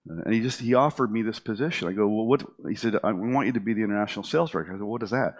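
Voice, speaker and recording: A man's voice: fairly low pitch, racing, hardly any pauses. A middle-aged man telling his own story casually, with lots of fillers and restarts, acting out what others said to him. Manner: animated, acts out quoted dialogue with many fillers and restarts.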